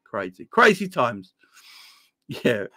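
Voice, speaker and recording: Easygoing male live-chat host, mid pitch, laughs a lot, dry close recording. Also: sing-song, slow pace, sharp tone, slightly rough, no echo. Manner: laid-back, laughs often, reads chat comments aloud; addresses viewers as "my friend" and "man". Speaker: livestream host.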